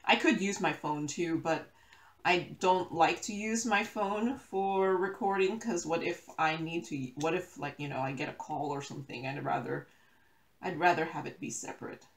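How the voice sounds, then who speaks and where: A woman chatting casually to viewers while she does a diamond painting at home, rambling, correcting herself and laughing often. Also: deep voice. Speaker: crafting YouTuber. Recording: roomy echo.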